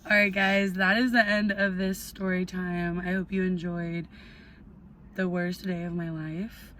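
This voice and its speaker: Young woman, bright voice, casual storytime vlog, swears a lot, chatty and animated, faint background hiss. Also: on the low side, unhurried. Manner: animated, heavy swearing, lots of "like". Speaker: vlogger.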